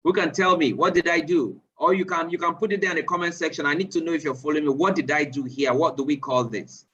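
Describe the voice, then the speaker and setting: A man leading a live online sales training, quizzing his listeners with repeated questions and rising with excitement. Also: fast, husky, recorded from a distance, lo-fi sound. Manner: animated, rising pitch when excited.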